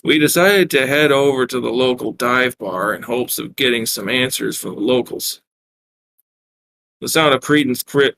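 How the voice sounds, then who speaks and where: A man's voice: mid-range voice, bright, forceful tone, a little hiss or hum. A man reading his own wry first-person fiction aloud, with small self-corrections. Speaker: writer reading his work.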